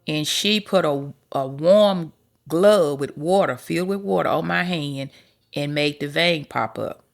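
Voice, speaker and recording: A woman who hosts a podcast and works as a life coach tells her own story candidly and heartfelt, using folksy sayings and getting emotional at times. Her deep voice is creaky and a little slow.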